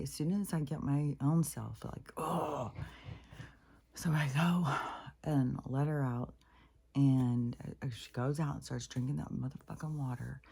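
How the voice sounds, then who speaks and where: A woman's voice: very deep voice, mellow. A woman, the regular host of a spiritual vlog, talking in a loose, rambling way, venting with lots of swearing and sometimes dropping to a whisper. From Pacific Northwest of the US. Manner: profane, irritated venting, trailing into whispers. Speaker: spiritual vlogger. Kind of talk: rambling casual monologue.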